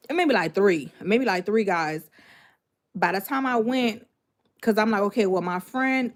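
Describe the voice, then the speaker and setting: A woman vlogger casually telling a personal story to her viewers, animated and emphatic, repeating phrases and breaking off with asides. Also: mid-range voice.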